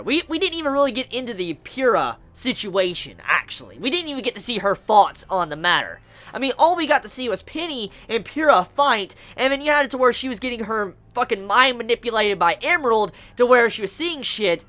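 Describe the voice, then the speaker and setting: A woman reviewing an animated series episode, gushing with excitement and swearing freely as she talks. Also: fairly low pitch. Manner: gushing, profane, emphatic.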